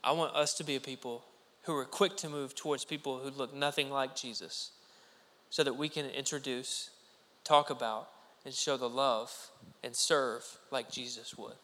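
A man preaching a sermon in a conversational, animated way, acting out little quoted voices. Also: mid-range voice, moderate pace. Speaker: pastor. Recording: echoey hall with long reverb.

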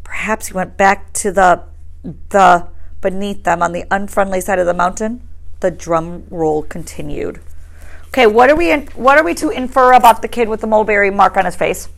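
Gravelly-voiced woman teacher reading aloud. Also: medium pitch, brisk. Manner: reads steadily, breaks off to quiz students. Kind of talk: reading a novel aloud to a class. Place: classroom.

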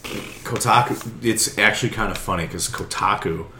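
Deep-voiced man in loose profane banter. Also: moderate pace, pushed and bright, echoey room, a little hiss or hum. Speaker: podcast co-host. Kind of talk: casual chat. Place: outdoors on a summer day.

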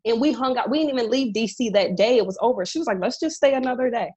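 A young adult woman co-hosting a casual podcast chat, telling animated stories and acting out quoted dialogue. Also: a little high, fast, dull audio. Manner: animated storyteller, acts out quoted dialogue, says "girl" often. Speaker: podcast co-host, chef.

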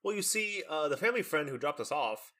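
A young man telling a long story in casual chat, animated and full of fillers, acting out the lines of the people in it. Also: a little high, fairly quick. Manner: animated storytelling with many fillers and acted-out quotes.

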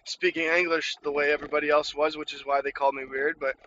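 A man's voice: fairly high pitch, flat delivery, fast talker, sharp tone, dull audio, slight background noise. A man from Ukraine telling a childhood story in a candid, rambling way, full of "you know" and "like". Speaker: storyteller sharing a childhood memory. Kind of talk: casual personal storytelling.

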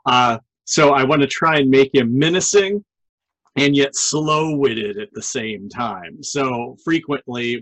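Man, middle-aged, podcast host, casual banter, unhurried, dry recording. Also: medium pitch, fairly bright tone, breathy edge, no room sound, low-quality recording. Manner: chatty, joking. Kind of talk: casual chat.

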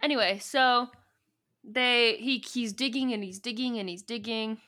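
A woman co-hosts a podcast, working through a book with loose, joking asides and acted-out dialogue. Her voice is a little high and sharply bright. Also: a little slow. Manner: rambling, joking, retells scenes with quoted dialogue. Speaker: podcast co-host. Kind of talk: casual book recap and reading.

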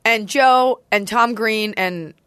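A woman in her thirties, a comedian guest, telling stories in quick, sarcastic casual chat. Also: on the high side, fairly bright tone, clear, resonant tone, dry recording, studio quality.

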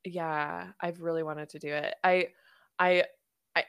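A woman's voice: fairly low pitch, little pitch movement, a little slow, vocal fry, fairly bright tone, clean tone, no room sound, studio quality. A woman hosting a podcast in casual chat, rambling with fillers and laughing often. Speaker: podcast host.

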